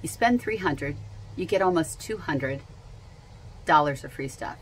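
Gushing woman with a lowish voice. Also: animated, measured pace, a little hiss or hum, rough recording. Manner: gushing and enthusiastic, repeats herself. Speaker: essential oils seller. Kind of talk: product unboxing vlog.

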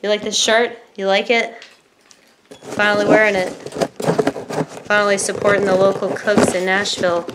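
A woman, chatting excitedly and swearing freely as she unboxes a package in a casual vlog. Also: mid-range voice, normal speed, pauses often, heavy background noise. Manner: giddy, excitable, swears freely, repeats herself. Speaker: vlogger.

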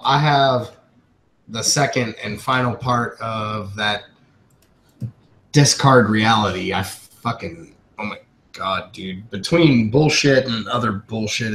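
A man with a Texan accent chatting on a podcast, profane and animated. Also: fairly low pitch. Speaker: podcast co-host. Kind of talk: casual chat.

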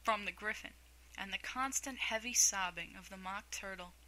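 Bright-voiced woman reading a storybook. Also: medium pitch, normal speed, poor audio. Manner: calm, even bedtime narration. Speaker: audiobook narrator.

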